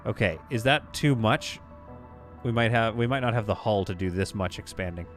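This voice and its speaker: A man's voice: lowish voice, normal speed, faint music behind. A man casually talking through a game on a live stream, reading viewer comments aloud. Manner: casual, chatty, reads chat aloud.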